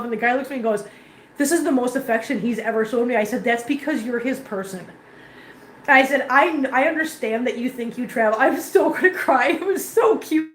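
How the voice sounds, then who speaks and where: A woman vlogger who runs a cat rescue, telling a story to her viewers in casual, emotional, chatty talk from an indoor cat room. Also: fairly high pitch. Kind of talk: casual live-stream chat to viewers. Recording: echoey room with faint ambient noise.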